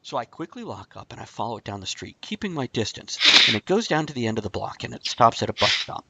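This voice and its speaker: Hosting a casual talk show, a man spins a rambling shaggy-dog story peppered with deadpan asides. His voice is mid-range and gravelly, his pace quick, and the recording very noisy.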